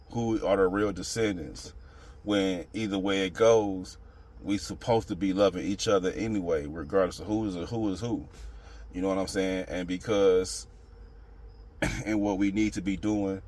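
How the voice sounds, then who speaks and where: Speaking directly to his viewers, a channel host with a notably low male voice delivers an unscripted opinion monologue. He rambles and circles back, heavy on street slang and repeated fillers like "you know what I'm saying."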